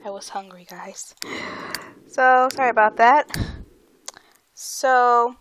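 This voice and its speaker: A woman's voice: on the high side, slow, fairly bright tone, a little hiss or hum. A woman hosting a let's play, chatting casually about her game, giggly and often tripping over her words. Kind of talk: casual gameplay commentary.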